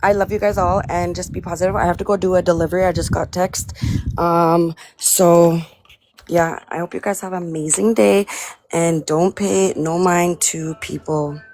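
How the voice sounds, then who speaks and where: A woman's voice: lowish voice, steady tone, moderate pace, a little mellow. A woman guest on a live stream chat who rambles with lots of fillers.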